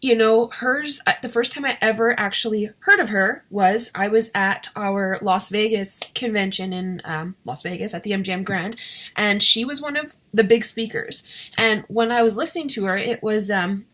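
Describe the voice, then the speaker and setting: A woman's voice: mid-range voice, normal speed, a bit bright. A woman talking casually to camera in a vlog, emotional and shaky, rambling with many fillers and restarts. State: shaky and teary. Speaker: direct sales consultant vlogger.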